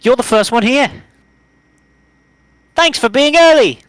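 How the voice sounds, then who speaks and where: High chirpy teen girl club leader, teasing, guy putting it on, bouncy up and down, dry mic. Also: animated, measured pace, no echo. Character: cheerful teenage girl club president. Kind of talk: reading game dialogue aloud.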